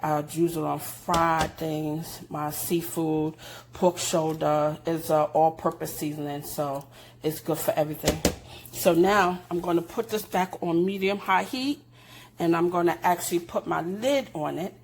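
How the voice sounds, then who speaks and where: Low-voiced older woman cooking. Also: fairly even intonation, measured pace, background noise. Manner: chatty and homey, with blessings and sign-offs. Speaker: cooking show host. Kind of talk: casual cooking demonstration. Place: home kitchen.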